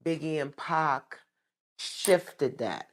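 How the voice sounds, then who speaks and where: Deep-voiced new york woman hosting, slow careful questions, lots of mm-hmms. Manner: measured questions, frequent agreeing murmurs. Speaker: host. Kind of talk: interview.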